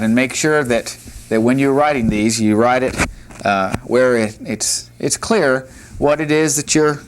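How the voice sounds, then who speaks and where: Guy teaching a class at the board, talks real slow, patient, cracks small jokes. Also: a little high. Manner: patient, repeats each letter slowly for practice; plain-spoken, with light jokes. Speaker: Hebrew teacher. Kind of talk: classroom lesson at a whiteboard.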